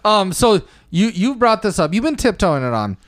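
A man casually talking through a movie with friends, animated, swearing and laughing often. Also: high voice, normal speed. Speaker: podcast co-host.

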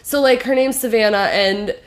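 A woman's voice: a little high, normal speed. A young woman co-hosting a podcast, chatting casually and telling stories, often laughing and swearing. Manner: animated, laughing, swearing storyteller. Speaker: podcast co-host. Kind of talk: casual chat.

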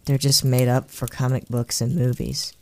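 A man's voice: medium pitch, fairly quick, warm tone, voice pushed up, natural voice. A man voicing a young trick-or-treating boy who is blunt, skeptical and a little whiny.

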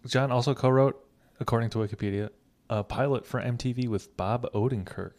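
A man's voice: mid-range voice, fairly quick, a little mellow. A man hosting a casual podcast chat, asking questions and laughing easily. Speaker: podcast host.

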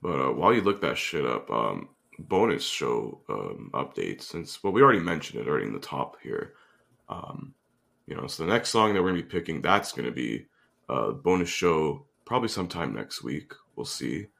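A man's voice: a bass voice, very animated, normal speed, creaky, fairly bright tone. A young man co-hosting a podcast, laid-back and laughing often. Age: young adult. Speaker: podcast co-host. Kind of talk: casual chat.

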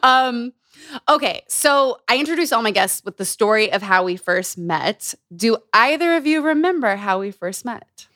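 Woman podcast host, bubbly and chatty, slightly high pitch, dry close recording. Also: expressive, moderate pace, pushed and bright, dry recording. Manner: chatty and bubbly, laughs often. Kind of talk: casual chat.

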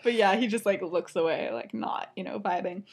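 A woman's voice: mid-range voice, normal speed, darkish tone. A young woman co-hosting a podcast, casually retelling a story, laughing often and filling her talk with "like". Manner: giggly, talks in a rush full of "like" fillers. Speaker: podcast co-host.

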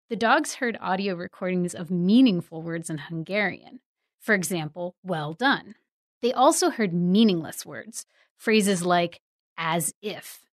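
Woman guest editor, mid pitch, clear explainer, dry studio sound. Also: no echo. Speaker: news site editor. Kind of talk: explaining science news.

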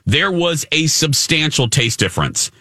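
A man's voice: on the high side, sing-song, a little slow, bright, forceful tone, dry recording, clean studio sound. A man hosting a morning radio show, chatting casually and playfully with his co-hosts.

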